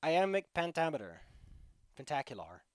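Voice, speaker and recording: A man's voice: fairly high pitch, sing-song, moderate pace, clean tone, no echo, studio quality. A man running a tabletop game as game master, narrating combat and rules in a chatty, joking way over a voice call.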